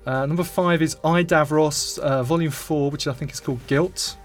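Male co-host reading emails, slightly high voice, faint music. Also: fairly even intonation, moderate pace. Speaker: podcast co-host.

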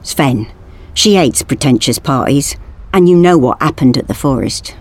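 A woman's voice: rumbling low, expressive, moderate pace, full character voice. A woman voicing an anxious, earnest young male store worker who presses his worries urgently. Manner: urgent, insistent.

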